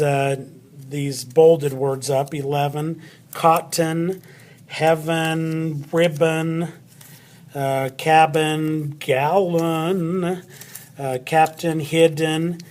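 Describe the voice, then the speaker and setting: Friendly man teaching a spelling lesson. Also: fairly high pitch. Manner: friendly, chatty, talks straight to the students. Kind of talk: recorded spelling lesson for children.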